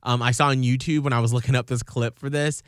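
A man's voice: medium pitch, steady tone, fast, smooth, no room sound. A man co-hosting a radio show, chatting casually and emphatically, often slipping into quoted voices. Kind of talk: casual chat.

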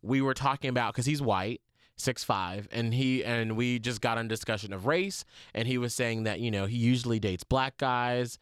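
Chatty man in his thirties, smooth and dry. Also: medium pitch, moderate pace, no echo. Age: 30s. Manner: chatty, animated storytelling with acted-out quotes. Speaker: radio morning show host. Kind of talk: casual podcast chat. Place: studio.

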